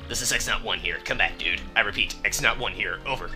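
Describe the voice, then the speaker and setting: A man voicing a covert male spy, reporting in a clipped, low radio-call manner. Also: fast talker, music in the background, natural voice.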